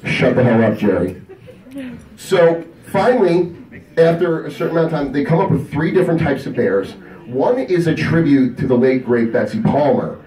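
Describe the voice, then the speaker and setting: At a convention, a man whose voice runs a little high tells crude stories at normal speed, animatedly embodying the people in them for his stand-up set. The audio comes from a distant mic in an echoey room.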